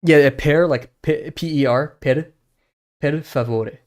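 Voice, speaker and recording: A man's voice: fairly high pitch, steady tone, unhurried. Young guy drawing on stream, rambly chat, lots of uhs and ums. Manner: rambling, many fillers and restarts.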